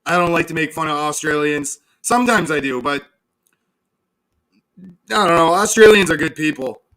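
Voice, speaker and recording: Profane, high-voiced streamer man. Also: lively intonation, moderate pace, fairly bright tone. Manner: profane, sarcastic, reads chat aloud. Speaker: livestream host. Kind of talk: casual livestream rant.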